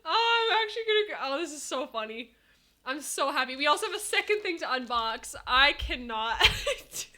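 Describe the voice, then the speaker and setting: A woman live streaming to chat, talking casually and excitably, laughing often and swinging between giddy and teary. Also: high voice, a little fast. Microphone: headset.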